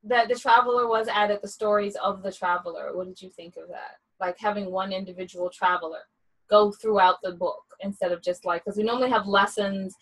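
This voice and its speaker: A woman author co-hosting a casual book chat, who also reads her own poem slowly and deliberately. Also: mid-range voice, steady tone, rough recording. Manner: slow, deliberate poetry reading. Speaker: author and co-host. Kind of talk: casual chat and poetry reading.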